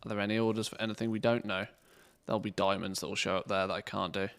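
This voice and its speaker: A man streaming a game, chatting casually and thinking aloud in a relaxed, rambling way. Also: on the low side, fast, creaky. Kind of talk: casual live-stream commentary.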